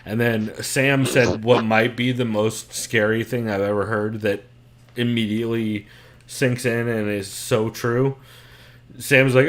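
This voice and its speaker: A man's voice: mid-range voice, steady tone, unhurried. Profane, joking male podcast co-host. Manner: profane, joking, laughs often. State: has two broken toes. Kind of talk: casual podcast chat.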